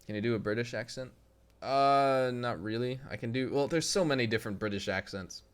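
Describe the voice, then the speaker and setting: A man's voice: mid-range voice, a little fast, smooth. Chatty young man streaming games. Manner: chatty, laughs often, banters with chat. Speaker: gaming streamer. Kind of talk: casual live-stream chat.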